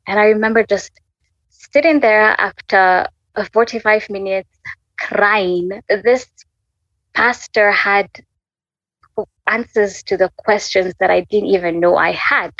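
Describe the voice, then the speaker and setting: A woman's voice: medium pitch, fairly even intonation, takes it slowly, fairly bright tone, dry recording, dull audio. A woman in her twenties from Kenya candidly telling her personal faith story as an interview guest. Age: 20s. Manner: candid, conversational, full of fillers.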